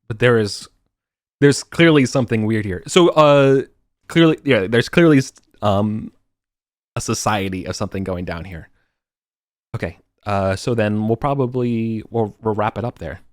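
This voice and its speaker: A man narrating as game master over a voice call, halting and full of fillers. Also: on the low side, dry recording, clean studio sound. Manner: halting, many fillers and restarts. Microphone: computer mic on voice call.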